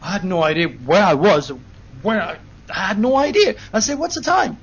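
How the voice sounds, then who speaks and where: A man giving an earnest, animated first-person account to an interviewer, with frequent restarts. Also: high-pitched, normal speed, slight background noise. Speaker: interview guest. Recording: dull lo-fi recording.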